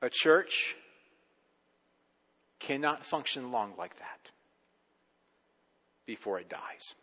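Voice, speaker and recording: A man's voice: mid-range voice, expressive, slow pace, bright, forceful tone, long reverb tail. A male pastor giving a conversational sermon, often repeating and restarting his words.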